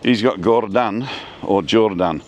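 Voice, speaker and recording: Strolling outdoors through a seaside town, a man hosts a casual live stream, chatting and reading out viewers' names. His voice is lowish and unhurried, with a little hiss or hum on the recording.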